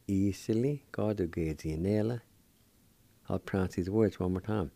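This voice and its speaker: A man's voice: fairly low pitch, dark tone, no echo. A middle-aged man, patiently teaching words on the radio. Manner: patient, deliberate, repeats words slowly. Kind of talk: slow language lesson, spelling and pronouncing words.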